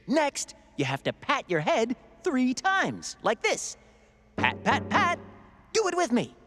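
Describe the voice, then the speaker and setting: A happy kids cartoon robot, high and singsong, talks slow and eager. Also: male voice, wildly swooping pitch, a bit bright, long reverb tail, faint music behind, full character voice. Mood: cheerful. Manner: eagerly instructs and encourages. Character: cheerful male cartoon robot helper. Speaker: robot sidekick. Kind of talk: children's cartoon voice acting.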